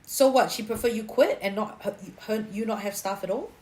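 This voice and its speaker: This tarot reader's voice is medium in pitch with a slightly dark tone, and she talks fairly quickly. Reading cards on a livestream, she's frank and chatty with viewers, her speech full of "lah" and "leh."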